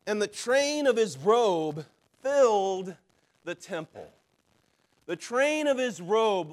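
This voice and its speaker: High-voiced preacher man. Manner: preaching with dramatic swings from loud to hushed; acts out quoted voices in his telling. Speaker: pastor. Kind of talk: sermon.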